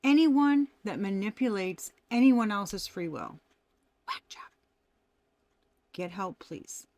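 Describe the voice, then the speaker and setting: A woman's voice: mid-range voice, lively intonation, takes it slowly, darkish tone. A woman giving a casual tarot reading, talking animatedly, laughing often and swearing freely. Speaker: tarot reader.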